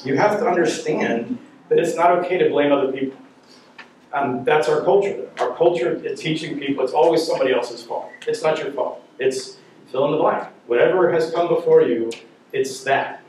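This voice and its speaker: Middle-aged man, fairly high voice, jokey anecdotal teacher in a church class, heard from afar in a very echoey room. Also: moderate pace, darkish tone, far from the mic, a little hiss or hum. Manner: jokey, anecdotal, asks the audience questions. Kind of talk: humorous storytelling talk to a class.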